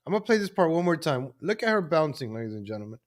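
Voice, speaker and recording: A man's voice: fairly high pitch, very animated, fast. A man hosting a live political commentary show, mocking what he watches in a sarcastic running commentary. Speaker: host.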